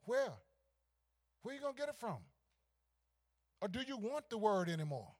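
A pastor preaching a sermon, swinging from hushed asides to shouted climaxes. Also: male voice, high-pitched, big pitch swings, normal speed.

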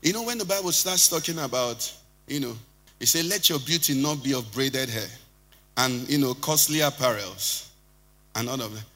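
A man preaching a sermon as pastor, swinging from loud shouting to quiet, low passages. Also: expressive, moderate pace. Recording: music behind, long hall reverb.

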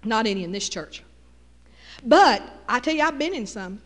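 A woman's voice: on the high side, expressive, moderate pace, fairly bright tone, long reverb tail. A middle-aged woman with a Texas Southern accent, preaching a folksy sermon with call-and-response asides.

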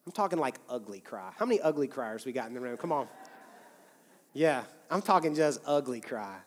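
Speaking fairly quickly with an animated, medium-pitched voice, a man in his thirties from the United States delivers a sermon as pastor. The church sanctuary gives a long reverb tail, and his candid, conversational phrasing frequently starts over.

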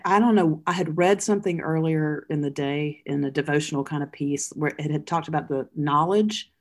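A woman pastor speaking reflectively, telling stories in a thoughtful, halting way with soft laughs. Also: sits low. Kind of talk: reflective storytelling.

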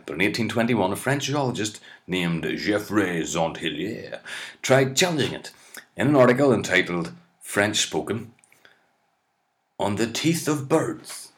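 A comedian reading web articles aloud with exasperated, sweary, mocking asides. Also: male voice, on the low side, fairly bright tone.

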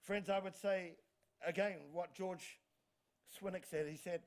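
A pastor preaching a sermon energetically, often restarting words and calling for amens. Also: male voice, high-pitched, unhurried. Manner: energetic, frequent restarts and stammers, calls for amens.

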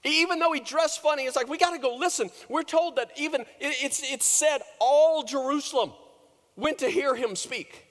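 A man preaches in a church sanctuary, his voice sitting high for a man. He tells the story dramatically, climbing loud and then dropping to a hushed hush. A long reverb trails off every phrase. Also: normal speed. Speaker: pastor. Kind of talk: sermon.

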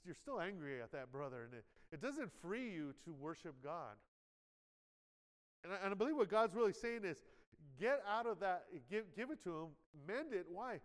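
A male pastor preaching a conversational sermon, often asking "amen" and acting out quoted inner voices. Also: high voice. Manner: conversational preaching with frequent "amen" and audience check-ins; acts out quoted inner voices with dramatic shifts in loudness. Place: church sanctuary. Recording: live sermon in a large reverberant church hall.

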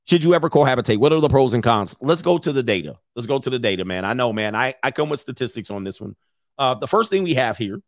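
A man runs a casual livestream, talking brashly and mockingly and laughing between his points. His pitch rises and falls in wide swings. The sound is dry, with no room echo. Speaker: podcast host.

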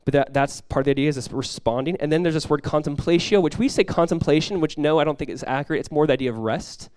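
A male pastor preaching in a conversational sermon style, dropping to a hushed voice when acting out prayers. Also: a little high, fast talker, smooth, no echo, clean studio sound.

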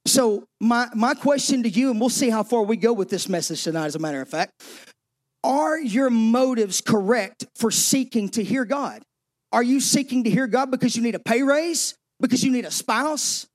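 A man with a strikingly high voice preaches a sermon as pastor. He presses his points with emphasis and sometimes sinks into hushed tones. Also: lively intonation, normal speed.

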